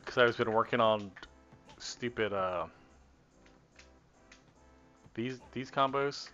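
A man's voice: medium pitch, takes it slowly, pushed and bright. A man casually thinking aloud while practicing combos on a live stream, often trailing off and correcting himself. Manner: rambling, self-correcting, talks to himself while testing. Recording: dull lo-fi stream audio with faint game music. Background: faint game music.

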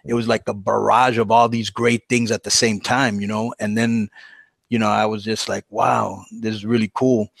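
Animated man telling a story. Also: lowish voice, moderate pace, vocal fry, no echo. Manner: animated, acts out quoted voices. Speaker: podcast guest. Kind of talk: casual storytelling.

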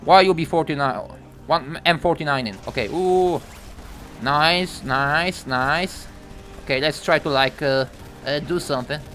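A young man giving live gameplay commentary, excitable and profane, breaking into yelps and shouts. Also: on the high side, measured pace, faint music behind.

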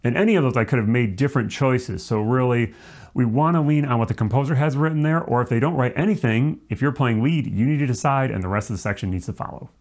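A man's voice: mid-range voice, fast talker, darkish tone. Man explaining jazz articulation. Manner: demonstrates articulation by singing syllables. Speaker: music teacher. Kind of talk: instructional explanation.

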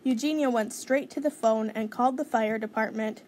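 Woman, storybook reader, bright higher voice, faint background hiss. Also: fairly even intonation. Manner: clear, measured storytelling. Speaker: children's book reader. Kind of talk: reading a picture book aloud.

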